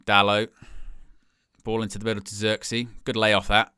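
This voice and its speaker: Excitable man, bright crisp voice. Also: fairly low pitch, normal speed, dry recording, clean studio sound. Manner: excitable, jumps to loud shouts at chances then drops to quiet asides. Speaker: fan watch-along host. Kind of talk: live fan match commentary.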